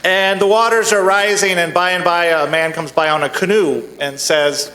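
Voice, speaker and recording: A man giving a sermon in a church sanctuary, telling a joke in a measured storytelling way. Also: on the high side, fairly even intonation, pushed and bright, poor audio. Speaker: minister.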